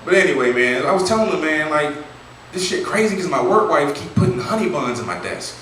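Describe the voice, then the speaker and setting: A man with a fairly high, lively voice does a stand-up set at a live venue, telling loose, profane, conversational stories at a fairly quick pace. The room is echoey, the mic is distant, and audience noise comes through.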